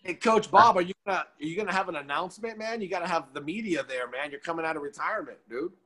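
A man's voice: fairly high pitch, fast talker. A man, a youth coach, chatting casually and acting out his own quoted scoldings of players. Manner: animated, acts out kids and himself in quoted dialogue. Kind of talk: casual chat on a podcast.

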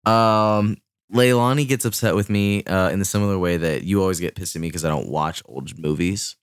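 A man co-hosting a casual chat, talking in a relaxed, easygoing way. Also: low voice, a little fast, clean tone, dry recording, clean studio sound. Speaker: podcast co-host.

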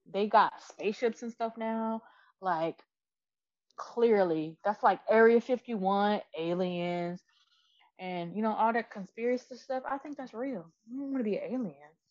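A woman's voice: mid-range voice, measured pace, muffled recording. Rambling, frank woman chatting. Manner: rambling, frank, swears freely. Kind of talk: casual chat.

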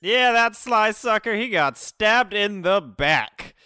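Man doing a brash rogue, Texan-British put-on accent, bright tone, bouncy pitch. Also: animated, takes it slowly, smooth, no echo, clean studio sound, heavily acted. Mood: evasive. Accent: put-on mix of Texan and British. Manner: brash, joking, evasive. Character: cheeky, flippant male rogue adventurer.

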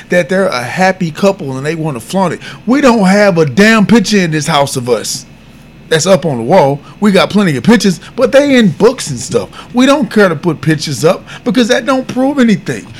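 A man with a notably high speaking voice hosts a podcast and talks in a direct, heartfelt way. He speaks openly and earnestly to his listeners. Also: slight background noise. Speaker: podcast host. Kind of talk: podcast commentary.

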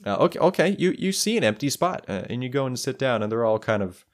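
A man's voice: mid-range voice, sing-song, fast talker. A young man narrating as game master of a tabletop game, improvising loosely with lots of restarts.

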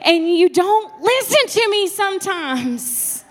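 A woman, preaching a passionate sermon that swings between soft and loud. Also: high voice, expressive, takes it slowly.

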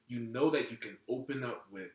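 A man hosting a relaxed podcast chat, easygoing and calling his guest bro. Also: medium pitch, a little fast, reverberant, low-quality recording. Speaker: podcast host. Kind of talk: casual chat.

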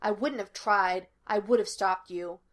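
A woman's voice: medium pitch, measured pace, natural voice. Woman reading as a curt exasperated cop. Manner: curt and demanding. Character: gruff exasperated male police detective.

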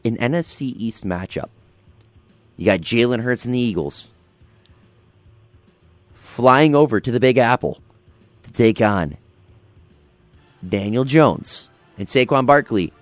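A man's voice: medium pitch, expressive, unhurried, long pauses, no echo, soft background music. A man hosting a casual football picks show, upbeat and moving the segments along. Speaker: show host. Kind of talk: casual sports picks chat.

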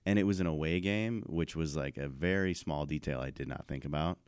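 A man co-hosting a podcast, telling stories in relaxed casual chat and laughing often. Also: a bass voice, brisk, clear, resonant tone, dry recording, studio quality. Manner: laid-back, laughs often. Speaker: podcast co-host.

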